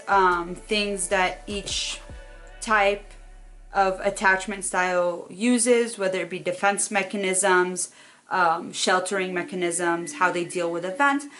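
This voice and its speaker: A young woman talks straight to her phone camera in a casual advice vlog. Her delivery is animated and expressive, and she acts out quoted voices now and then. Faint music plays softly underneath. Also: medium pitch. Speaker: vlogger.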